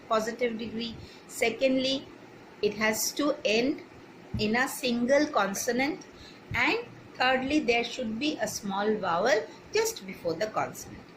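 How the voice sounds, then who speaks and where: A woman's voice: on the high side, fairly bright tone, a little hiss or hum, poor audio. A woman teaching English grammar to children, spelling words out letter by letter and checking that they follow.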